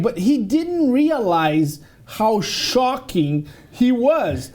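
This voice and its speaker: High-pitched amused male storyteller. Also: sing-song, very slow, a little mellow. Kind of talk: casual storytelling on a talk show.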